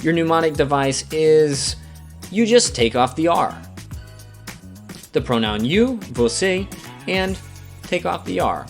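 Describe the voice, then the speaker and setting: A man's voice: on the high side, lively intonation, vocal fry. Man, Southern American accent, language teacher, patient, repeats examples, faint guitar music behind. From Alabama, US South. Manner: patient, spells out words and repeats examples slowly. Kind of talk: scripted beginner grammar lesson.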